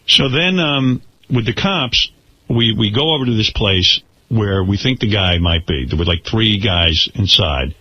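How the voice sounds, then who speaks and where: A radio host recounting a story on air, rambling and restarting his words as he gets excited. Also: on the low side, a little slow, breathy edge, dry recording. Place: radio studio. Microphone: studio mic. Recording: dull, lo-fi radio broadcast.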